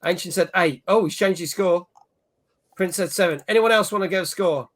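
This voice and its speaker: A man's voice: sits high, fairly quick. A man hosting a casual gaming chat show, reading out viewer messages and scores. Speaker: podcast host.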